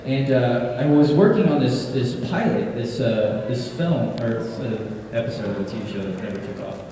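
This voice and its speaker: A man who works as a voice actor, answering fan questions at a convention panel with animated, self-deprecating stories and frequent laughter. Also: medium pitch, normal speed. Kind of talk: casual Q&A storytelling. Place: large convention hall with an audience. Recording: echoey hall, far from mic, crowd noise.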